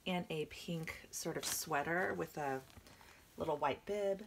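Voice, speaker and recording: Her voice is low-pitched, measured, and fried, with background noise around it and a slight cough hinting at a coming cold. She's a reborn doll collector vlogging an unboxing, excitable and gushing to viewers, with moments where she slips into hushed whispers.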